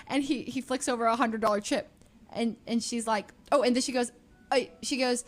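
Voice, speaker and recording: A woman's voice: on the high side, a little fast. A young woman streamer casually telling a story, chatty and full of fillers. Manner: chatty, heavy use of "like" and fillers.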